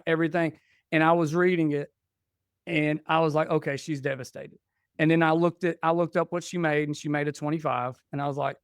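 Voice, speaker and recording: A middle-aged man speaks as a guest on a podcast, with a fairly high, smooth voice. He tells a family story in a heartfelt, conversational way. The recording is dry and close. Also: dry recording. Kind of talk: casual conversation, personal story.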